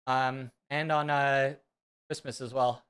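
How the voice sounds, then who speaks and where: A man from Central California, chatting casually and excitably with viewers on a live stream. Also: medium pitch, slow, smooth. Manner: rambling, excitable, talks to chat. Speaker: fitness streamer.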